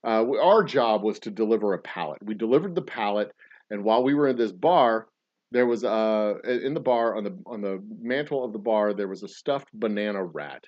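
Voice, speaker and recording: A man's voice: lowish voice, lively intonation, a little fast, highs cut off. Playful man spinning tall tales. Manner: playful, rambling, tall tales told with a straight face. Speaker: podcast host and distiller. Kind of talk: casual chat while mixing a cocktail.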